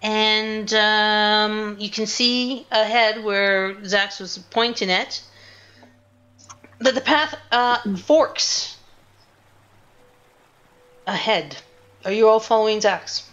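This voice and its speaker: A woman runs a tabletop game at an unhurried pace. She narrates with hesitations and restarts. The recording is dull and lo-fi. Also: mid-range voice, fairly even intonation, a bit bright. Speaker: game master.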